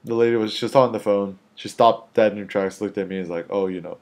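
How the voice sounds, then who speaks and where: A street photographer, a man, recounts an encounter in a loose, conversational ramble. His voice sits on the low side, and he leans on fillers like "you know" and "um". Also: steady tone, quick pace, darkish tone. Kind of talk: casual storytelling.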